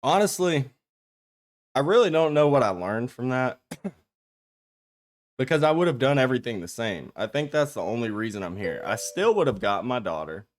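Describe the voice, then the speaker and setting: A man's voice: medium pitch, sing-song, normal speed, pauses often. A man streaming from a home setup, chatting casually and profanely with his viewers in a rambling way. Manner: profane, rambling, talks straight to chat.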